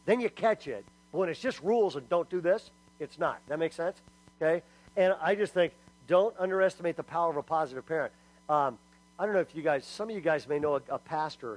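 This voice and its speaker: A middle-aged male pastor delivering a sermon in a lively storytelling way. His voice sits a bit high for a man, and he acts out quotes and tosses asides to the congregation. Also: low-quality recording.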